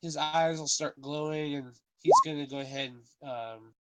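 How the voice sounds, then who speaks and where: A man playing a tabletop game, quiet and rambling. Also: a little high, fairly even intonation, moderate pace, very noisy. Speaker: player.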